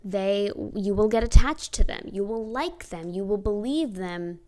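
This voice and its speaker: A woman's voice: mid-range voice, moderate pace, hardly any pauses. A young adult woman telling personal stories to camera in a casual, chatty way, with emphatic, sardonic asides. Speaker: vlogger.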